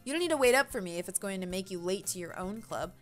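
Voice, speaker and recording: A woman's voice: medium pitch, lively intonation, fast, soft background music, close to an everyday voice. A woman reading a reluctant schoolboy. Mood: grudging. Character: reluctant teenage schoolboy narrator.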